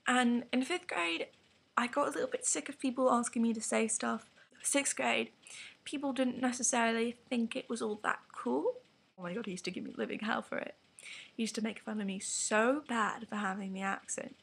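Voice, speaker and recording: Gravelly, a bit bright and on the high side with a breathy edge, this English teenager speaks at normal speed. She's venting candidly to the camera in a meandering vlog, with the odd whispered aside.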